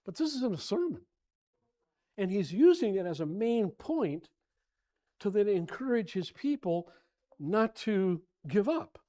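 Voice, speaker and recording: In a church, a man leads a casual Bible class, rambling and animated, repeating himself often and sounding exasperated. His voice is high, his pace measured, and he pauses frequently.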